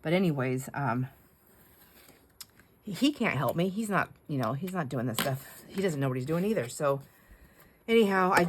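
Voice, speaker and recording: Brief: middle-aged woman, low-ish voice, rambling chatty crafter, laughs a lot, faint hiss behind. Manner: rambling, self-deprecating, laughs often. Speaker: crafting channel host. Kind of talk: casual chat while crafting.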